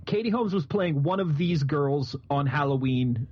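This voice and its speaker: A man's voice: fairly high pitch, lively intonation, normal speed, breathy edge. A man in his thirties co-hosting a movie podcast, telling stories in a joking way and often laughing. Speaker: podcast co-host. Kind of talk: casual chat about movies. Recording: muffled lo-fi podcast audio.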